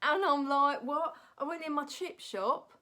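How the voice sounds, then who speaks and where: A woman tells a personal story straight to her phone camera. She talks bluntly and with plenty of animation, and she keeps tagging "right?" onto the ends of her sentences. Her voice sits a little higher than most women's. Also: normal speed, bright, forceful tone. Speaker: stand-up comic and actress.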